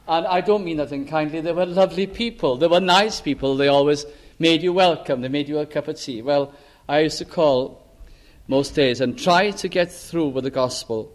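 An older man from Wales giving an earnest sermon testimony, pleading with his hearers and dropping to a hush on solemn words. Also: a little high, normal speed. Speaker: preacher.

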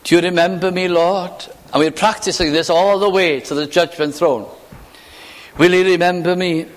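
A man preaches a sermon in a church, his slightly high voice carrying a long reverb. He speaks slowly and with emphasis. He often lets his phrases sink into a hush. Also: steady tone. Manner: slow, emphatic preaching with hushed, falling phrases.

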